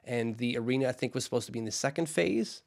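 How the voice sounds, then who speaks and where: A man's voice: medium pitch, quick pace, creaky. Male co-host, mid-range voice, chatty, playful, casual sports chat. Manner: chatty, jokey, slips into goofy put-on voices. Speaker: podcast co-host.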